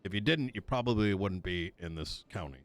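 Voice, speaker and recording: A man's voice: deep voice, animated, brisk. A man playing a police chief in a streamed roleplay, lecturing his officers in a blunt, profane way. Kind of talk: streamed roleplay meeting speech.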